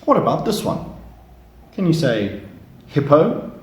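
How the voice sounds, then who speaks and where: A man running a flashcard lesson for small children, talking slowly and leaving room for them to repeat each word. His fairly low voice swings lively up and down, and the recording has a roomy echo. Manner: slow, lively, encouraging repeat-after-me prompts. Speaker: English teacher for young children. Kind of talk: slow flashcard lesson for kids.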